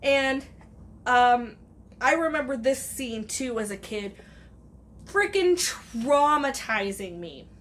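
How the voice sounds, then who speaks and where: A woman's voice: high-pitched, takes it slowly. A woman in a casual, rambling movie review who retells the plot, swears freely and acts out the characters' lines. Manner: chatty and animated, swears freely, acts out quotes.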